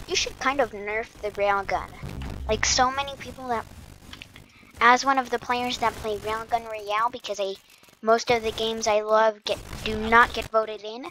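A woman giving casual gameplay commentary, playful and self-mocking, with bursts of excited exclamations. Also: fairly high pitch, normal speed, a little hiss or hum, rough recording. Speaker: gamer commentator.

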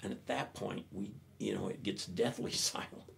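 Older male speaker, gravelly, animated storyteller at a talk. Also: on the low side, normal speed. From United States. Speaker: professor giving a talk.

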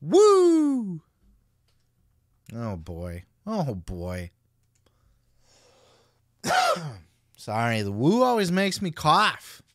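A man's voice: mid-range voice, very animated, extremely slow, long pauses, fairly bright tone, no echo, studio quality. A man hosting a podcast, giving casual commentary in a blunt, heavily profane way. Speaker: podcast host.

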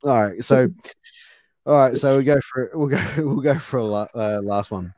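A man's voice: mid-range voice, moderate pace, darkish tone, no echo. Aussie guy quizzing a guest on slang, jokey, laughs a lot, dry close sound. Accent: Australian. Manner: jokey, laughs easily, repeats himself. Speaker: host. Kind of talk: casual interview game.

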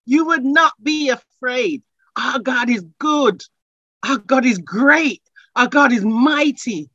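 In a muffled, echo-free recording, a high-voiced woman delivers a sermon. She begins with conversational asides and builds to impassioned shouting, repeating her phrases as she goes.

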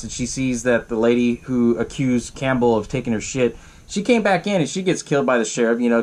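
A man hosts a podcast, recapping a film in a loose, rambling way. His swearing and constant fillers make it feel like an offhand chat, his voice sitting at an ordinary middle pitch. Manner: loose and profane, lots of fillers. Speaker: podcast host. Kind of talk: casual movie recap.

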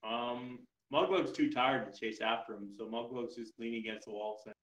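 A man's voice: medium pitch, steady tone, normal speed, hardly any pauses, a bit bright. A man playing a tabletop game, talking hesitantly and putting himself down. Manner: hesitant, self-deprecating. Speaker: player. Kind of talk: casual tabletop play. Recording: roomy echo.

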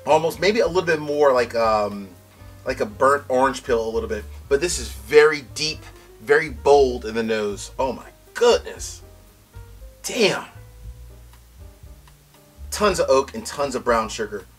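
A man giving a casual, excitable whiskey tasting review, loud exclamations, teary-eyed from a strong pour. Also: mid-range voice, measured pace, pauses often, breathy edge, faint music behind.

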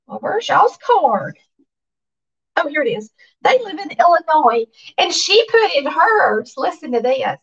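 A Southern woman hosting a cooking channel, chatting casually and excitedly to her viewers as she reads their cards aloud. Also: high-pitched, unhurried, gravelly, distant mic, lo-fi sound.

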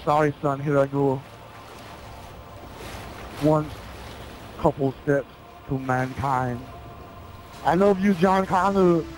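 A man doing a gruff cyborg soldier, broken grammar, Arnold-style impression, slightly high voice. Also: fairly even intonation, slow pace, pauses often, noisy background. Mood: solemn farewell. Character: gruff male cyborg soldier saying a farewell.

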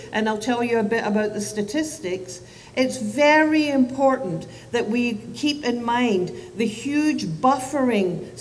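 A woman's voice: fairly high pitch, a little mellow. A woman in her fifties, a child psychiatrist, giving a public talk to parents and teachers in a chatty, self-deprecating way with asides and restarts. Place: event hall. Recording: distant mic, long hall reverb, faint noise.

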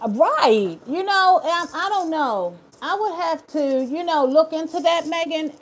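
A woman's voice: extremely high pitch, animated, a little slow. A woman hosting a casual live chat, reading viewers' comments aloud and talking to them in an earnest, encouraging way. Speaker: live stream host.

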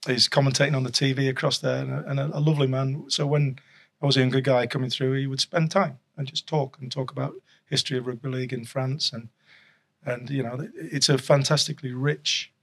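A middle-aged Yorkshireman, a former rugby league coach and official, guests on a casual chat, telling rambling stories while chuckling and restarting often. His mid-range voice is creaky and husky, with a flat, brisk delivery.

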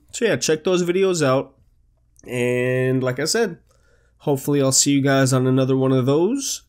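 A man's voice: medium pitch, a little mellow. A young man hosting a let's play, chatting casually and narrating each move he makes in the game. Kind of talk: casual gameplay commentary.

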